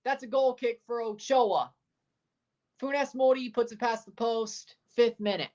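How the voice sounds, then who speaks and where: A woman's voice: on the high side, unhurried, a little mellow, dull audio. A woman doing casual play-by-play of a football match on a livestream, calling the action and sassily answering her chat. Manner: sassy, talks back to chat. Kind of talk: watchalong play-by-play and chat replies.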